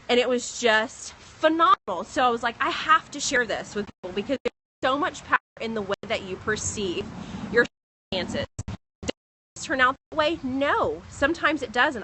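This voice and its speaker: Bright-voiced pregnant woman vlogging. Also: fairly high pitch, low-quality recording. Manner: earnest, animated retelling with quoted dialogue. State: pregnant, second trimester. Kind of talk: casual personal storytelling. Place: outdoors in the rain. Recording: faint outdoor noise, rain.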